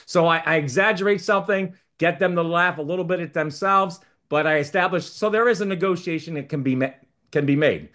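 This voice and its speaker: Hombre contando anécdotas en una charla. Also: male voice, a little high, a little fast, hardly any pauses, fairly bright tone. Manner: anecdotal, acts out quoted exchanges. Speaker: mediator, panelist. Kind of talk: casual discussion, telling a joke.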